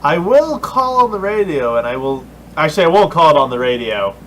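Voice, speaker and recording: A man's voice: fairly high pitch, very animated, fairly quick, fairly bright tone, slight background noise, low-quality recording. A man playing a tabletop game online, talking casually and restarting his thoughts mid-sentence. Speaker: player.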